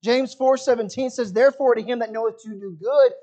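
High-voiced preacher man, muffled recording. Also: fairly quick, a little mellow. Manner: dramatic preaching, rising and falling sharply in volume. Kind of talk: sermon.

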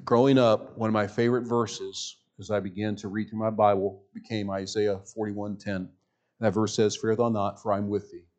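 A man preaching a sermon as pastor in a church, reading scripture slowly and swinging from loud emphasis to near-hushed speech. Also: on the low side, flat delivery. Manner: reads scripture slowly and deliberately. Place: church sanctuary with a sound system.

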